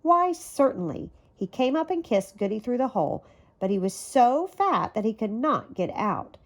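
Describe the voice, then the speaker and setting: A woman reading a children's story aloud in a gentle, even storytelling manner. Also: on the high side, normal speed. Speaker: storybook reader.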